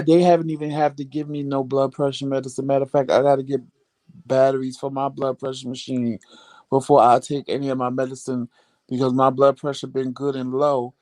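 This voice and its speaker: A man chats through a casual home vlog with a sassy, animated storytelling manner. His voice sits mellow and dark. The sound is dry and close. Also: no echo. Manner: animated, sassy, jumps to high voice for quotes. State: recovering at home after hospital stay. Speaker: vlog host.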